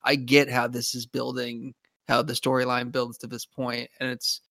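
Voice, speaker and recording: A man of middle pitch reflects on a scene in casual podcast chat, starting and restarting his sentences. He laughs lightly between thoughts, and the sound is dry and close. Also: monotone, moderate pace, a bit bright, no room sound. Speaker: podcast co-host.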